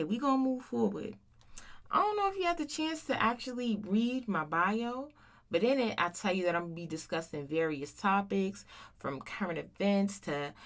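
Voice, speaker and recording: Hosting her own podcast, a woman in her thirties delivers a casual solo monologue in a mid-range, slightly bright voice. She's blunt and profane, heavy on slang, and often tags her lines with "right?".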